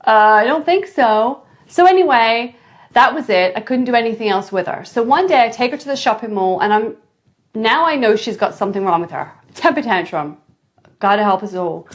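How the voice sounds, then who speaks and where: A mother telling a parenting story in a casual vlog, animated and dramatic, with big jumps in pitch. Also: moderate pace. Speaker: mother sharing parenting advice.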